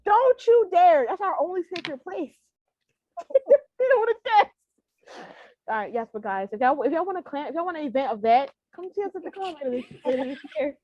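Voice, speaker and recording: A woman's voice: high voice, big pitch swings, fairly quick. A young woman co-hosting a podcast in casual chat, emotional, pleading and laughing, swearing freely. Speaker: podcast co-host. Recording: dry, dull lo-fi sound.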